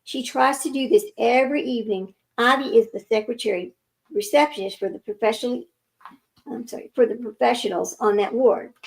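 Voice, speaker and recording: Brief: woman reader, slightly high, gravelly, chatty asides between passages. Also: a little fast, rough recording. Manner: chatty, interrupts herself with asides and corrections. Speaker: reader of a book. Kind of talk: reading aloud with running commentary.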